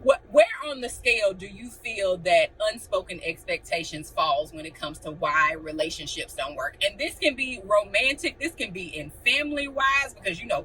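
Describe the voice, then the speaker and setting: Bright-voiced, blunt young woman vlogger. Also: mid-range voice, far from the mic, a little hiss or hum, low-quality recording. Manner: blunt, animated, acts out quotes. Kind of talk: casual chat to camera.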